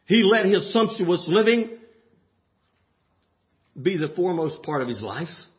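A man preaching a sermon with passion, rising to shouts and dropping low. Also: sing-song, a little slow, lo-fi sound.

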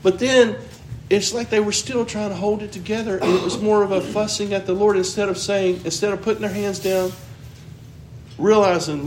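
A man with a drawl and a notably high voice teaches from the Bible in an earnest, musing way, often asking questions aloud. The room is roomy and echoey, with faint noise underneath. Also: steady tone, normal speed, darkish tone. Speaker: preacher.

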